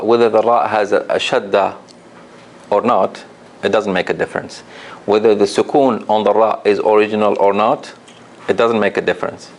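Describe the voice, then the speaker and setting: A man teaching Quran recitation to a class, patient and repeating each example slowly while asking the students questions. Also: fairly low pitch. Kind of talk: classroom lesson.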